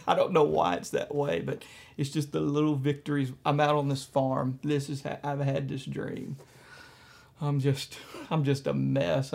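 This is a man speaking as a pastor, telling a personal story to his congregation. His voice sits at an ordinary pitch with a gravelly, creaky texture. He talks softly and haltingly, with frequent fillers and restarts. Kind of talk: conversational storytelling in a church message.

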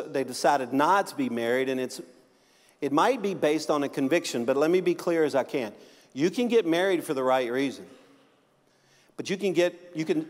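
A man's voice: fairly high pitch, darkish tone, long reverb tail. A male pastor preaching a sermon in a joking, conversational way, with frequent restarts.

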